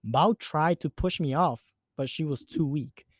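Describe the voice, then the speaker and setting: A man's voice: fairly high pitch, measured pace, husky, no echo. A man reading a first-person horror story in an earnest, emphatic way. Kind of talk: scripted narration of a horror story.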